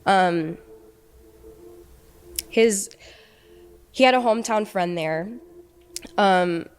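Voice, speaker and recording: Young woman, interview guest, mid-pitched voice, emotional and halting delivery. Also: clean tone. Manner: halting and emotional, with many fillers and restarts. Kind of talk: recounting a personal ordeal in an interview.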